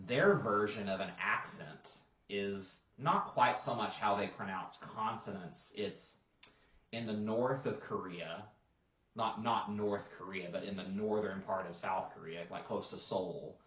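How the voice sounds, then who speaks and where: Low-ish guy teacher explaining stuff casually, lots of "like", echoey muffled room. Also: a bit bright, recorded from a distance. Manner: explains patiently, demonstrates sounds, frequent "like" fillers. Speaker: language teacher and podcast co-host. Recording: roomy, dull lo-fi sound.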